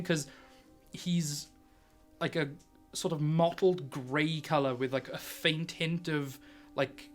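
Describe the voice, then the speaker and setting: A young man narrating a tabletop game as game master, animated and laughing often between his descriptions. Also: a little high.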